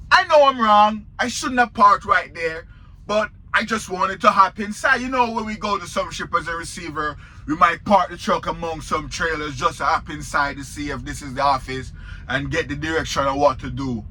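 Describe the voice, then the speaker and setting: A man's voice: high voice, sharp tone. A man with a Jamaican accent, a truck driver telling a story in a casual vlog, talking straight to viewers.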